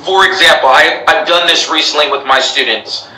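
A man's voice: a little high, moderate pace, pushed and bright, echoey room, distant mic, poor audio. An American man who teaches English, speaking emphatically in a live interview, repeating himself and addressing his followers. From United States. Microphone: laptop call.

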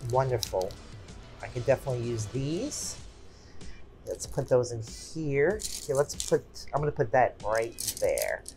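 A woman's voice: a bass voice, very animated, a little slow, warm tone, faint music behind. A woman in her forties hosting a craft channel, chatting casually and exclaiming often as she unboxes gifts at home.

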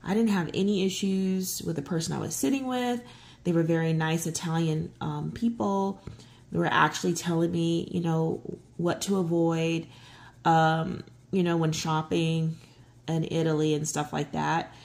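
A middle-aged woman telling a travel story while she colors, rambling with lots of fillers and restarts, and getting excitable. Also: normal speed, vocal fry. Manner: excitable, voice jumps high when giddy. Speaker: coloring channel host. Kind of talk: casual chat while coloring.

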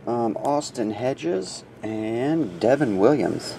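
A man's voice: very animated, slow pace, creaky, very noisy. A sleepy man with a runny nose, casually reading out card names during a box break. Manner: reads out names in a low murmur, chatty asides.

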